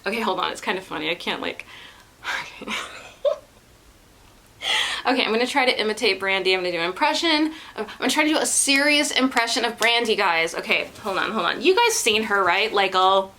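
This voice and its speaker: A woman's voice: medium pitch, lively intonation, fairly quick, pushed and bright, slight background noise, rough recording. A woman vlogging in a casual, giggly, rambling chat.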